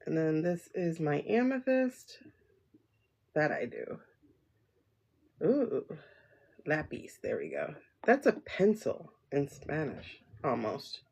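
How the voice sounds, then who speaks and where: A woman's voice: sits low, sing-song, takes it slowly, vocal fry, long pauses, darkish tone, slight background noise. A woman hosting a casual tarot livestream from home, rambling and chatty, laughing often as she talks to viewers through her phone.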